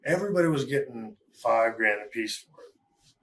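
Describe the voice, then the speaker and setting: Male guest, casual storyteller, middle pitch, candid and rambling. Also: animated, normal speed, a bit bright. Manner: rambling and candid, with chuckles and fillers. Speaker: interview guest.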